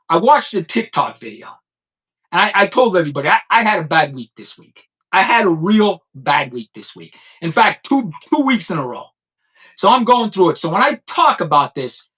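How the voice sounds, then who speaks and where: A man's voice: high voice, pushed and bright, low-quality recording. A man in his fifties hosting a crime-commentary show, talking bluntly in an unscripted monologue and repeating his points. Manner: blunt, repetitive, heated; subdued and halting when recounting personal loss.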